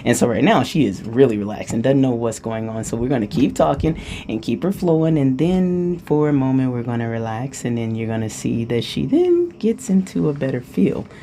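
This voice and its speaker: Low-voiced woman, lively and playful. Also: moderate pace, a little hiss or hum. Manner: playful, chatty, asks "you get what I'm saying". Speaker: spiritual channeler. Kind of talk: casual channeled spiritual talk.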